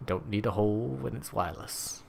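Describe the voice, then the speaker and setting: A man co-hosting a casual gaming podcast, chatting in a relaxed, rambling way. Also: fairly low pitch, brisk, vocal fry, crowd noise. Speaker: podcast co-host.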